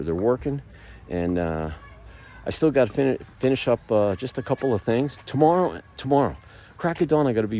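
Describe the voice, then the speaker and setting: A man's voice: on the low side, mellow, slight background noise. A middle-aged man giving a casual motivational monologue as a marketing vlogger, rambling and upbeat with lots of fillers and restarts.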